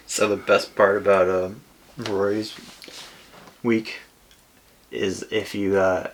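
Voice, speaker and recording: A man's voice: on the low side, level tone, slow pace. A man co-hosting a podcast, chatting casually and telling stories with lots of fillers. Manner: laid-back storyteller, trails off with fillers. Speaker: podcast co-host. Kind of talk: casual chat.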